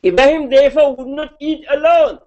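A man giving a sermon, telling a religious story in an animated, heartfelt way. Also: very high voice, brisk, muffled recording. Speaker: preacher.

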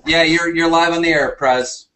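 A man's voice: on the high side, fairly even intonation, normal speed, sharp tone, slight background noise, poor audio. A man hosting a live show, moderating a call-in dispute with hesitant fillers. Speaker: host.

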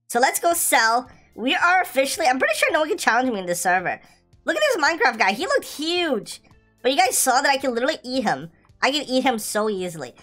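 Young woman gaming host, high voice, excitable casual commentary, light music underneath. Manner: excitable, chatty, frequent laughs.

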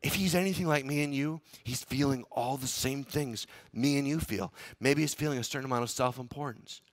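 A man's voice: mid-range voice, brisk. A man preaching a sermon as pastor, dramatically acting out the inner thoughts of a biblical figure and asking the congregation to repeat lines back. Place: church.

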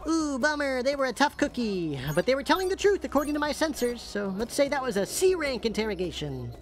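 A chirpy helper program from a video game, bouncing brightly up and down in pitch. The tone stays encouraging and upbeat. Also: female voice, sing-song, brisk. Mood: peppy. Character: chirpy female detective-mode assistant program.

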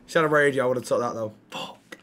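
A man's voice: medium pitch, very fast, a bit bright, slight background noise. A man streaming a role-play game, swearing freely and muttering to himself. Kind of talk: casual gaming commentary.

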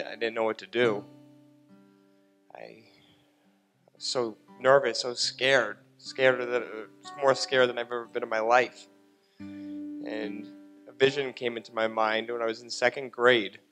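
A man's voice: medium pitch, fairly even intonation, a little slow, pauses often, a bit bright, soft background music. A young adult man earnestly recounting a personal testimony on a church stage. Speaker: church guest giving testimony.

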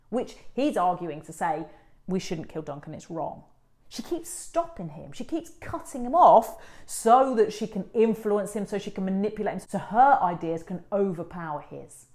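A woman's voice: on the low side, a little mellow. A woman teacher explaining how to analyse a play for an exam, emphatic and patient, repeating her key points. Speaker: English teacher. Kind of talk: exam revision lesson.

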